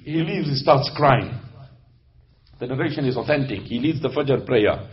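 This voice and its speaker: A male preacher telling stories in a sermon, animated, switching between loud emphasis and hushed narration. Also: mid-range voice, moderate pace, highs cut off. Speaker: Islamic preacher. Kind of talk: sermon storytelling.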